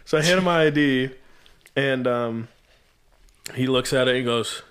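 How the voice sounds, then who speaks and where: A man's voice: medium pitch, measured pace, a bit bright, clean tone. A young man in casual chat, telling a laid-back story, swearing and acting out quotes of others.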